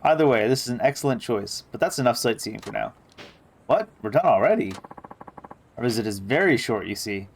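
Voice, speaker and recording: A man's voice: mid-range voice, animated, fairly quick, gravelly, a little hiss or hum. A man reading the lines of a fussy, polite male manager in a video game, in a formal, eager-to-please manner.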